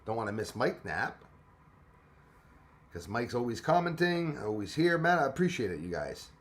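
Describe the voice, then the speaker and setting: A man's voice: medium pitch, very animated, moderate pace. A man hosting a casual livestream, greeting commenters by name, laughing often and chatting loosely. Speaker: livestream host. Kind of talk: casual live chat with viewers.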